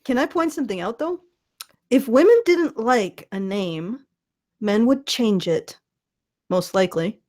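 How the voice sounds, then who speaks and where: A woman's voice: a little high, animated, a little slow, pauses often, mellow. A woman hosting a podcast in casual commentary, sarcastic and profane, often restarting her words. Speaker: podcast host.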